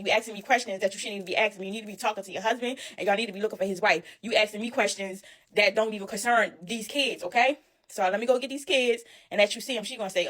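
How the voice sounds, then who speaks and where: A woman telling a story about herself in a casual, animated, indignant way, speaking straight to her listeners. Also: on the high side. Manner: animated, indignant, addresses listeners as y'all and honey. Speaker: storyteller recounting her own experience.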